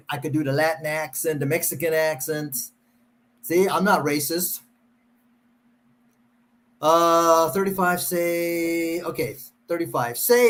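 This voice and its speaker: Middle-aged male host, high-pitched, sarcastic casual reader. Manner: sarcastic, mocking. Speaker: show host. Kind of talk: casual chat, reading verses aloud.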